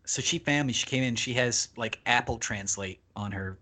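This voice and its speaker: A man telling a long travel story as a podcast guest, casual and animated, swearing freely and acting out the people he quotes. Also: mid-range voice, normal speed.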